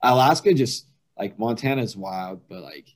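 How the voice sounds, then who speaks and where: Deep-voiced man telling laughing stories. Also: lively intonation, unhurried. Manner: laughs through vivid anecdotes. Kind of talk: casual chat, storytelling.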